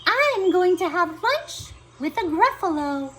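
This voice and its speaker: A woman voicing a small, clever, polite mouse in a read-aloud storybook, with a high squeaky voice. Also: very animated, slow, noisy background, heavily acted. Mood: cheeky, confident.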